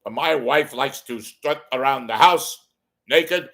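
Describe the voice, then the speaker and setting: A man doing an impression of a movie gangster as a stand-up comic, loud with a heavy put-on accent. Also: medium pitch, slow, voice pushed up. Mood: menacing.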